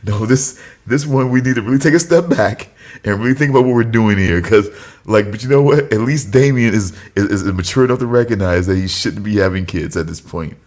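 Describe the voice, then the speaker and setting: A man's voice: lowish voice, a little fast, darkish tone. A man co-hosting a casual podcast chat, laughing a lot and mock-scolding a friend with teasing banter. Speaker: podcast co-host.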